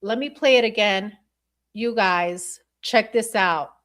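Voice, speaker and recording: A woman talks through a livestream at an unhurried pace, pausing and restarting as she replays video clips. She speaks bluntly and swears freely, addressing her viewers and snapping at the chat. Her voice sits at an ordinary middle pitch. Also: a bit bright. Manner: thinking aloud while replaying clips. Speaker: podcast host reviewing video footage. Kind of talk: casual livestream commentary.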